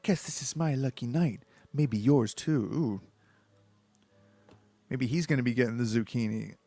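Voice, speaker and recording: A man's voice: medium pitch, unhurried, dark tone, no echo, soft background music. A man voicing a sultry, flirtatious grown female brand mascot, teasing and suggestive. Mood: flirty.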